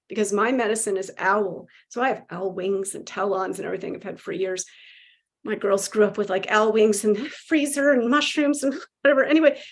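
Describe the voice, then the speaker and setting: A woman guest telling a spiritual story with animated emotion, acting out quotes and laughing. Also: medium pitch.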